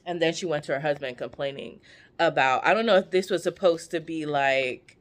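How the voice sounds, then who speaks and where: A woman's voice: low voice, brisk. A woman vlogger chatting casually as she retells a Bible story, slangy and full of offhand asides.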